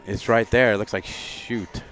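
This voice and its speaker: A middle-aged man co-hosting a podcast in casual chat, telling stories in an animated, joking way. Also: on the low side, unhurried, soft background music. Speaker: podcast co-host.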